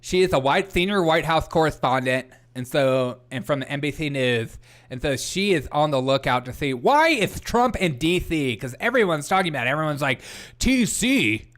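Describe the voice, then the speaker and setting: A man's voice: a little high, expressive, fairly quick, a bit bright. A man hosting a casual comedy news livestream, rambling, laughing often and reading chat aloud. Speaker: host.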